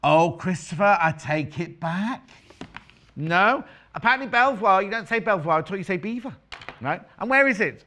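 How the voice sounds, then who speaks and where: Middle-aged woman, quilting presenter, chatty banter, sharp tone. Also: mid-range voice, lively intonation, normal speed. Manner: chatty, banters with crew and viewers. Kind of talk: live TV sewing demonstration.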